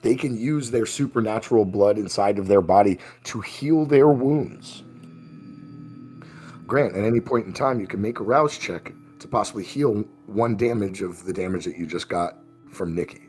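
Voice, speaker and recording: A man's voice: lowish voice, moderate pace, a little mellow, faint music behind. A man running a tabletop role-playing game, narrating the scene and often laughing as he talks. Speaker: game master.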